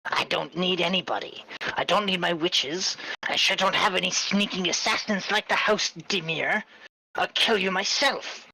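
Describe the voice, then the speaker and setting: A man voicing a harsh, loud female ringmaster villain in a tabletop game, raising his voice well above its usual pitch. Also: normal speed, dry recording, low-quality recording. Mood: scornful.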